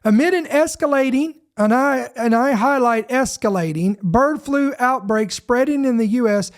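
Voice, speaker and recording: A man from Georgia, hosting a podcast and reading news headlines aloud. He talks emphatically, slows down to stress certain words and often repeats himself mid-sentence. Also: very high voice. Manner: repeats himself, self-interrupting. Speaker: podcast host.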